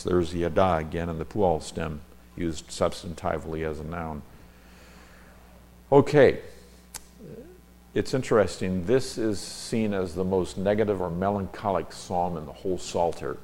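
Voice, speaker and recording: A man's voice: low-pitched, unhurried, darkish tone. A man teaching a Bible passage, reading scripture aloud with rising emphasis and explaining Hebrew terms.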